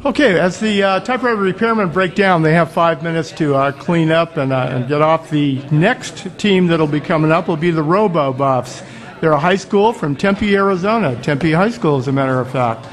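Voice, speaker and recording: A man's voice: on the high side, normal speed. A man announcing a live student robot competition in a chatty, amused way. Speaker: event announcer. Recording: live crowd noise.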